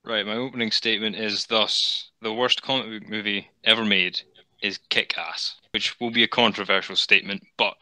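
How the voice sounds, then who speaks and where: A man's voice: on the low side, steady tone, moderate pace, pushed and bright, dry recording, low-quality recording. A man from Scotland with a Scottish accent, arguing his case as a debate guest, dry and articulate. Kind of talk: casual debate.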